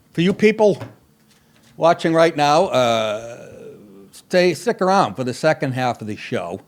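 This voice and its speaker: A man in his sixties hosting a comedy talk show, crude and sarcastic, often laughing at his own jokes. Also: on the high side. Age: 60s. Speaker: comedian podcast host.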